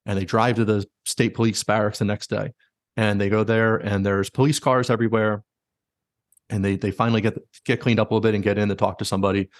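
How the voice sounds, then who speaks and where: A man with a lowish voice tells a story at a rapid clip, stuffing it with likes and quick quoted asides. He sounds relaxed and chatty, as a podcast host does. The sound is close and dry, with no room echo. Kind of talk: casual storytelling.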